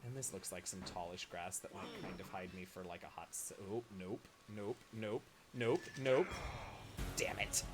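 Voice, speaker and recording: A man streaming a video game, giving casual, excitable, joking commentary and sometimes swearing or yelping. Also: low-pitched, normal speed, background noise. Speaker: gaming streamer. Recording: voice over loud game music.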